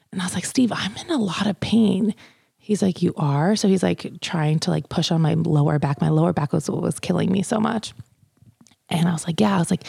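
A young pregnant woman in labor pains speaks in a fairly low, gravelly, husky voice with a darkish tone. A vlogger, she tells a chatty storytime full of "like" fillers and acted-out quotes.

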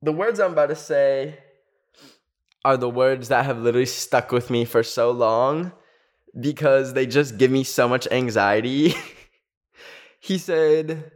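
Young male storyteller, casual and rambly, mid pitch, lots of fillers. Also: measured pace, long pauses. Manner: rambling, heavy use of filler "like". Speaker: storytelling video host.

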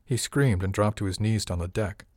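Male narrator, first-person audiobook, low voice, dry close recording, even and wry. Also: normal speed, dry recording.

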